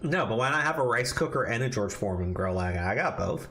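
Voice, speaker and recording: A man's voice: on the low side, expressive, fast, pushed and bright, slight background noise. A man co-hosting a casual commentary podcast, reading an article aloud and breaking off to swear and react in disbelief.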